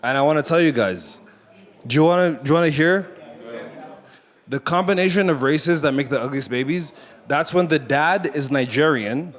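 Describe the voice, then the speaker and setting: A man's voice: on the high side, expressive, normal speed. A man doing a stand-up set with brash, profane crowd work. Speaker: stand-up comedian.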